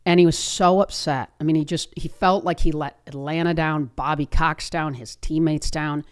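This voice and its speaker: Energetic woman telling a motivational story. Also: low voice, moderate pace. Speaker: podcast host. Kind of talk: motivational podcast talk.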